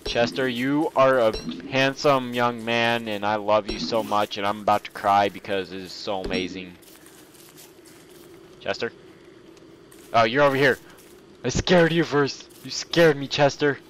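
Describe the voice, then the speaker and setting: Goofy, excitable young man gaming. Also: medium pitch, measured pace, a little hiss or hum. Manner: excitable, goofy, gushes over the game. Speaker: gameplay commentator. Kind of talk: let's play commentary.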